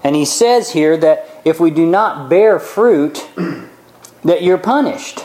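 A man preaching a sermon, reading scripture aloud and explaining it, slowing down and stretching key words. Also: fairly high pitch, lively intonation, darkish tone, low-quality recording.

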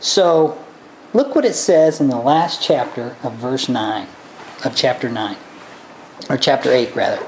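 A woman delivers a sermon at an unhurried pace, retelling scripture in an animated way. She throws her voice high and low as she acts out each character. The room around her is echoey. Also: slight background noise. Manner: animated, acts out characters with big pitch swings. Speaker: preacher. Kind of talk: sermon storytelling.

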